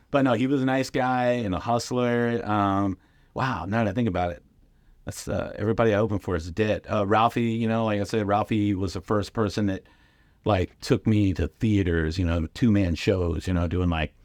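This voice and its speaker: Guesting on a podcast, a middle-aged comedian spins laid-back anecdotes, performing the voices of others whenever he quotes them. He has a low voice, and there's no room sound.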